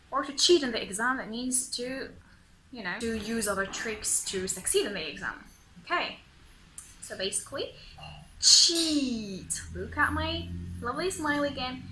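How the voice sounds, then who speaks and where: Slow, bright-voiced young woman teacher. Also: fairly high pitch, a little hiss or hum, rough recording. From Tunisia. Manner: playful, slow and carefully enunciated. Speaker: English pronunciation teacher. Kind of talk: video pronunciation lesson.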